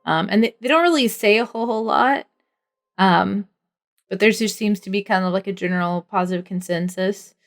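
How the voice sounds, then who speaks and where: Lady game master rambling thru a tabletop scene, tons of "like", middle pitch. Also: a little fast. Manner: rambling, full of "like" and "um".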